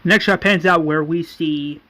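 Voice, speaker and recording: A man rambling through a story in a casual way, full of fillers and restarts. His voice sits somewhat high for a man. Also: steady tone, unhurried, sharp tone, rough recording.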